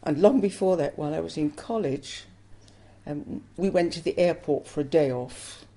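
A woman's voice: sits low, normal speed, dark tone. An older woman from England, telling her life story in an interview with earnest emotion. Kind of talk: personal testimony interview.

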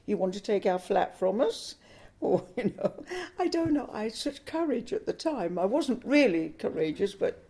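An older woman recounts her memories as an interviewee, taking her time and chuckling now and then. Her voice has a gravelly fry running through it. The tone sits dark and mellow. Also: medium pitch, very animated. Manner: unhurried storyteller, chuckles while recalling. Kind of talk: telling a personal story.

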